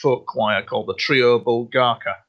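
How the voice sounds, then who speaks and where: A man's voice: mid-range voice, fairly even intonation, moderate pace, a bit bright. Rambling man on lo-fi radio. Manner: rambling, repeats himself, earnest. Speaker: guest. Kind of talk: radio interview. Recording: dull lo-fi sound.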